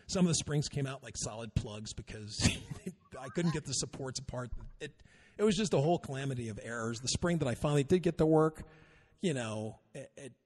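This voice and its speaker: A man's voice: medium pitch, darkish tone, breathy edge. A man co-hosting a podcast, telling a rambling, self-deprecating story in casual chat. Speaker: podcast co-host.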